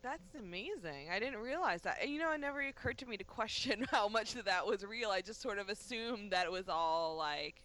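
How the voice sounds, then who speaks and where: Bright, amused woman. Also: medium pitch, lively intonation, brisk, hardly any pauses. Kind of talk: casual chat.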